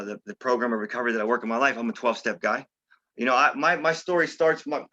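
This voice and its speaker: Middle-aged male guest, quick and bright, casual and candid, slangy, slightly dull lo-fi audio. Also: mid-range voice. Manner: conversational, peppered with "you know" and "okay?"; street-style slang. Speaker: interview guest. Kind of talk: candid recovery story.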